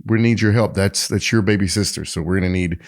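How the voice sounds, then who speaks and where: Guy with a lowish voice chatting on a podcast, lots of uh and like. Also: quick pace. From Tennessee, United States. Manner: animated storyteller, frequent fillers and restarts. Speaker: podcast co-host. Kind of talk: casual chat.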